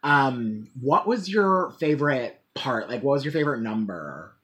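A woman co-hosting a podcast in casual chat, animated, swearing often and full of "like" fillers. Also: extremely low pitch, a little slow. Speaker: podcast co-host.

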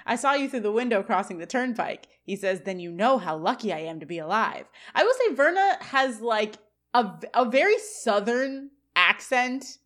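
A woman co-hosting a podcast, recapping a TV episode scene by scene and reading quoted lines in a flat voice. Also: fairly high pitch, moderate pace. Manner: recounts scenes, quoting lines in a flat read. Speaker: podcast co-host. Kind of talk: casual recap chat.

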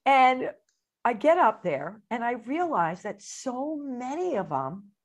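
Lively storytelling woman, laughing often. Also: a little high, takes it slowly. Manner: animated, laughs often, acts out quotes. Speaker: guest, motivational speaker. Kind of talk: casual interview storytelling.

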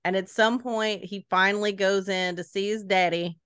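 Woman, casual podcast host, laughing storyteller, dry close sound, mid pitch. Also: fairly even intonation, a bit bright, clean tone, no room sound. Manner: laughing, storytelling with quick quoted voices. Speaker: podcast co-host retelling a book. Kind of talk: casual chat.

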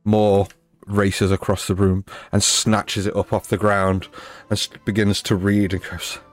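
A man's voice: fairly low pitch, flat delivery, unhurried, soft background music. A man acting as dungeon master, narrating a live-play tabletop game in an easygoing, descriptive way and prompting the players.

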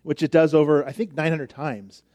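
A man's voice: fairly high pitch, fairly even intonation, normal speed, a little mellow. A man preaching a conversational sermon, emphatic at times and dropping almost to a whisper at others. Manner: conversational, emphatic, with frequent restarts and drops to near whisper.

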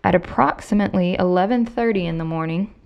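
A woman's voice: lowish voice, quick pace, gravelly, lo-fi sound. A woman hosting a podcast, casually recounting a true crime case to her co-host and reading quotes with emphasis. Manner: conversational, reads quotes with emphasis.

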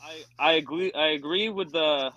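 A man joining a sports podcast remotely, giving measured opinions and often repeating himself. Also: fairly high pitch, pushed and bright, muffled recording. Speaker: guest on call. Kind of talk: casual sports chat. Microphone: remote call audio, cutting out.

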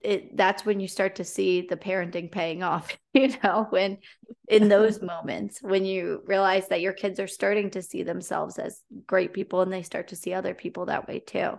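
A woman hosting a casual podcast conversation, her pitch sitting in a medium range. She talks in a chatty way, telling personal stories with lots of fillers. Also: steady tone, normal speed, vocal fry, a little mellow. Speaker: podcast host.

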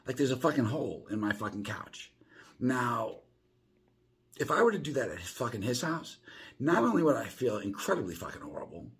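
A man's voice: medium pitch, a little fast, breathy edge. A man hosting a podcast from his home, rambling through a profane, casual monologue full of restarts. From South Florida. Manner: animated, rambling, swears constantly, restarts often. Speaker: podcast host.

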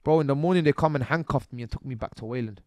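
A man tells his stories as an interview guest, loose and streetwise, ending lines with "bro" and "yeah". He gets animated when he is worked up. His voice is mid-pitched and dry and close, with no room sound. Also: very fast, no echo. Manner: animated, rising when excited. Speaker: podcast guest. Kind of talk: casual interview storytelling.

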